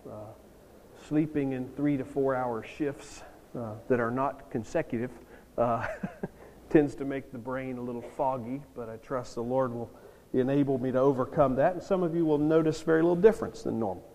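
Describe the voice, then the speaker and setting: A man's voice: mid-range voice, moderate pace, mellow, a little hiss or hum. A jet-lagged pastor preaching a sermon to his church, earnest and swelling into emphatic bursts. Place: church sanctuary. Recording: long reverb of a church hall.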